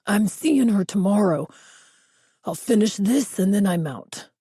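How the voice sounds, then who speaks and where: A woman's voice: mid-range voice, lively intonation, measured pace, dark tone, slightly rough, dry recording, studio quality. A woman voicing a frantic, desperate man with a slight accent. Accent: slight foreign accent. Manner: frantic and pleading. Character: frantic, desperate young man caught in trouble.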